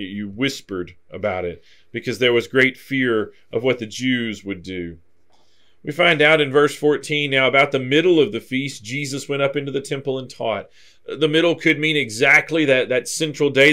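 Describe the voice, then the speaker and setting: A man's voice: medium pitch, moderate pace. Man teaching a verse-by-verse Bible class. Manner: explanatory, steady, reads scripture aloud then comments.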